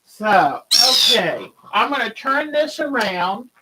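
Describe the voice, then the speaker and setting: A woman's voice: a little high, sing-song, slow pace, heavy background noise. A woman hosting a quilting livestream, chatting casually and greeting viewers by name as she rambles along.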